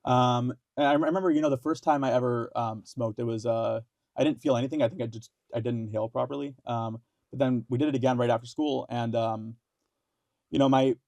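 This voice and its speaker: A young man from India talks as a podcast guest, halting through his story with lots of ums, restarts and casual swearing. His voice has a gravelly fry at mid pitch, and the recording is dry and close. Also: fairly even intonation, darkish tone, no room sound. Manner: halting, many fillers and restarts, swears freely. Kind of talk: casual interview talk.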